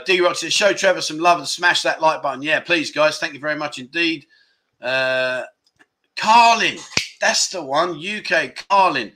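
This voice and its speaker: A man, chatting loosely and jokily like a relaxed livestream host. His voice sits a little high for a man and has a sharp, very bright edge. He rambles from story to story with plenty of asides. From United Kingdom. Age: 50s. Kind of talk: casual chat show, reading viewer comments.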